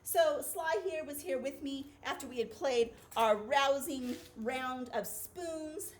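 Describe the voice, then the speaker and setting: A woman's voice: sits high, measured pace. A woman teacher giving a children's phonics video lesson in an upbeat, playful way.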